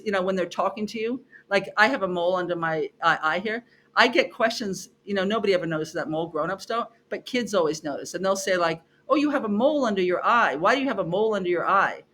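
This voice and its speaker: A middle-aged woman speaks as a podcast guest in a clear, bright voice. She tells stories about her classes with lively expression, slips into her students' voices and repeats lines for emphasis. A faint hiss of noise sits under her words. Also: medium pitch. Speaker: podcast guest, psychology professor. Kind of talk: animated conversational storytelling.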